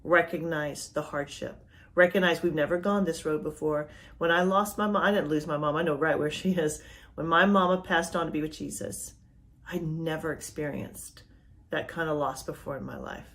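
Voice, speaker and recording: A middle-aged woman hosting a faith podcast as a life coach, delivering a motivational talk that swings from loud urging to a soft, near-whispered hush. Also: low voice, fairly even intonation, moderate pace.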